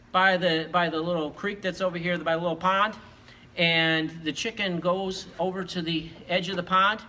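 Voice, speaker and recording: A man's voice: high-pitched, pushed and bright, low-quality recording. A man, a teacher, telling long joke stories during school announcements in a playful, rambling way. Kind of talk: joke storytelling.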